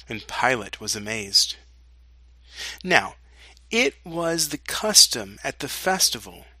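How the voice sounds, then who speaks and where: A pastor reading a scripture passage aloud in a slow, deliberate way. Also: male voice, mid-range voice, bright, forceful tone, no echo. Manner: slow and deliberate reading, with dramatic quoted lines.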